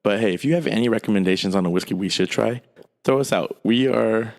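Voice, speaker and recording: Gravelly, low-voiced man co-hosting. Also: fast, darkish tone. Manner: laid-back banter, running the show's segments. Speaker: podcast co-host; coach. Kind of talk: casual chat.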